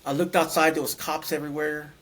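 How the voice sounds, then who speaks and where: A man recounting a personal experience as a guest, speaking in halting phrases and searching for words. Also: a little high, flat delivery, fairly bright tone. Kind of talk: personal storytelling.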